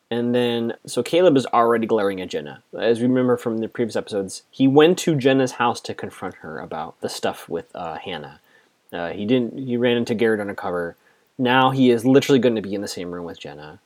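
Animated man recapping a TV episode. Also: medium pitch. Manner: chatty, animated, quotes characters in passing. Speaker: TV recap host.

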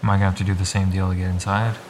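A man's voice: sits low, little pitch movement, rapid-fire, darkish tone. A man playing a tabletop role-play, talking casually and rambling with fillers. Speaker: player.

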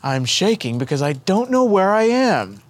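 A humble old priest, hushed with wonder and full of questions, as a man reads him in a spoken storybook. His voice climbs high and lively as he asks, timid and amazed. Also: normal speed, no room sound. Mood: awed.

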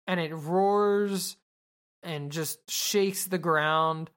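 A woman's voice: lowish voice, very slow. A woman podcast host casually recapping an anime episode, rambling and swearing with lots of fillers.

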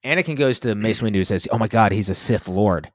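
A man's voice: on the low side, quick pace, no echo, clean studio sound. A man co-hosting a podcast, recapping a TV episode in a rambling, casual chat, swearing now and then. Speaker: podcast co-host.

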